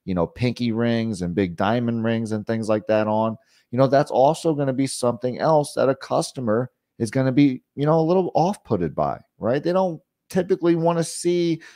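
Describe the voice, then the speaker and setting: A man's voice: mid-range voice, moderate pace, no room sound, studio quality. A man giving a casual sales training talk, often asking "right?" and acting out questions to customers. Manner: conversational, frequent "you know" and "right?" asides; acts out pushy and calm sales questions.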